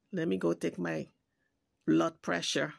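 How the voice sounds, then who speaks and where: With a fairly low, husky voice full of vocal fry, this woman hosts a YouTube commentary video. She rants indignantly, scolds, and swears a lot in a heated rant recorded without room sound.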